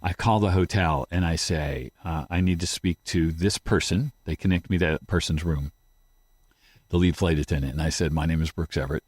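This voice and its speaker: Deep-voiced man telling a painful story. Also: steady tone, darkish tone, breathy edge, no echo. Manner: halting, retells his own words in quotes. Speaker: interview guest. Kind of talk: emotional personal storytelling.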